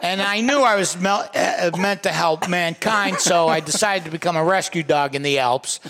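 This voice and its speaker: A man's voice: sits high, normal speed, fairly bright tone. A man voicing a boastful talking dog who rambles through tall tales about his heroic career. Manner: rambling, self-congratulating tall tale.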